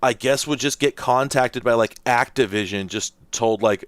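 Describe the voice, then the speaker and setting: A man's voice: on the low side, fairly quick, few pauses, dry recording. A man hosting a casual let's-play, rambling and thinking aloud with lots of fillers as he plays. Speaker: host.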